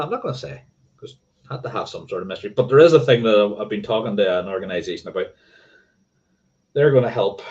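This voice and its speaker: A man's voice: lowish voice, a little mellow, muffled recording. A man hosting a casual livestream, rambling and correcting himself and swearing offhandedly. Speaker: motorcycling livestream host.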